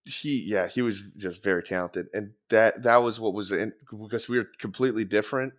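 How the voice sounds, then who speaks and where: A young adult man with a lowish voice talks a little fast as a musician guest on a casual podcast, rambling and profane with plenty of fillers.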